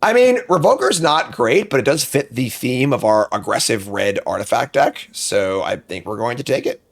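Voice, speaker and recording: A man with a medium-pitched, expressive voice and vocal fry streams a card game draft, casually talking to himself as he weighs each pick. He mutters and thinks aloud, with quick outbursts of frustration.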